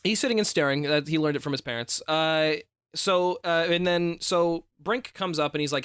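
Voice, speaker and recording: A man's voice: fairly high pitch, normal speed, a bit bright, clear, resonant tone, no room sound, studio quality. A man co-hosting a podcast, casually recapping a film with jokes and mock quotes. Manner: laid-back, joking, fond of mock-quoting characters. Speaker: podcast co-host.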